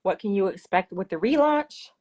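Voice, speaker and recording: A woman's voice: medium pitch, lively intonation, normal speed, noisy background. A woman hosting a casual live finance Q&A from her phone, chatty and laughing often. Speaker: finance livestream host.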